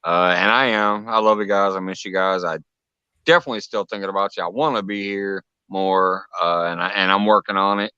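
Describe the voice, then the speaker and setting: A man's voice: low voice, fairly even intonation, brisk, sharp tone, clean tone, no echo, muffled recording. Laid-back man hosting a live chat. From Illinois. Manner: laid-back, rambling, swears casually. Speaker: livestream host.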